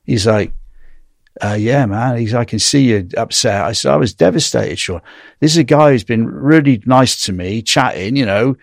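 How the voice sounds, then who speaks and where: A man's voice: mid-range voice, normal speed, creaky, dry recording, clean studio sound. A man from England, recounting his time in a US prison in a rambling, anecdotal way, often tagging "right?". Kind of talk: casual storytelling interview.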